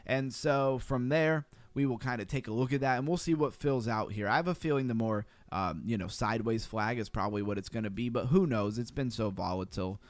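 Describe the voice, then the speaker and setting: A man runs a casual crypto livestream, rattling through chart levels at a quick clip and drifting onto side topics. His voice sits in a middle pitch and the sound is dry and close. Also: no echo. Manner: fast-talking, easily sidetracked, chatty.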